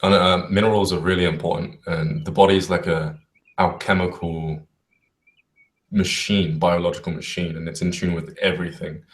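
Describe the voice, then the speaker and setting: A man co-hosting a casual spiritual talk show, speaking in a relaxed, enthusiastic way. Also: sits low, normal speed, distant mic. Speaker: co-host.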